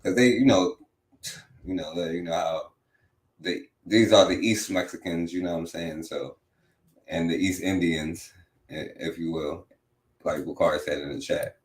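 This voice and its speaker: A man's voice: low-pitched, steady tone, normal speed, pauses often, reverberant. A man hosting a talk radio show, commenting on a played clip in a rambling, mocking way with lots of filler phrases. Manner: mocking and profane.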